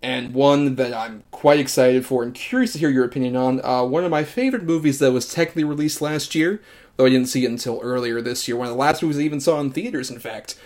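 A man hosting a podcast in casual chat, easygoing and quick to laugh. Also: medium pitch, darkish tone. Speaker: podcast host.

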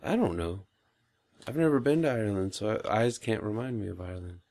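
A man's voice: fairly low pitch, lively intonation, fairly quick, a little mellow, no room sound. A man co-hosting a casual podcast into a headset, laid-back and jokey, laughing often. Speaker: podcast co-host. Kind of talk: casual crude podcast banter.

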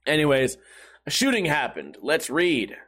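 A young man tells rambling, profane, self-mocking stories on his casual solo talk show. His voice sits on the high side with a fairly bright tone, and he's very animated without rushing.

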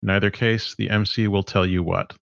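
A man narrating as game master in a tabletop game, relaxed and laughing along. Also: lowish voice, fairly quick, vocal fry, dry recording, muffled recording.

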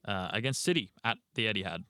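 A man's voice: on the low side, expressive, fast, sharp tone, smooth. A young man, co-hosting a casual sports podcast and rambling through team news with casual swearing. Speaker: podcast co-host.

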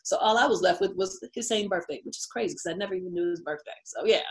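A woman's voice: on the low side, fast talker. A middle-aged woman from the United States, an interview guest telling a personal story, chatty and laughing often.

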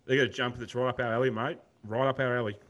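A man's voice: mid-range voice, steady tone, very fast, fairly bright tone, muffled recording. A man with an Australian accent co-hosting a podcast, chatting in a rambling, laid-back way and calling his co-host mate. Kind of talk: casual chat.

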